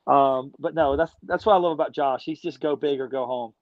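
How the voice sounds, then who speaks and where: A man's voice: medium pitch, fairly quick, no room sound. A middle-aged man talking as a guest in a casual interview, an enthusiastic, slangy storyteller who rambles along. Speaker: guest, business founder. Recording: dull dry lo-fi sound.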